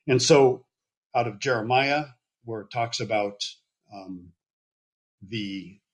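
Husky-voiced man teaching scripture. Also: medium pitch, slow pace. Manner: relaxed, explaining with frequent okays and asides. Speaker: Bible teacher. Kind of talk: conversational Bible teaching.

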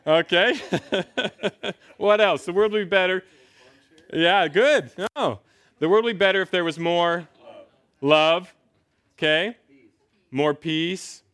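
A man's voice: high-pitched, fairly bright tone, dry recording. A middle-aged man preaching a sermon, playfully asking his congregation questions before reading scripture aloud. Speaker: pastor.

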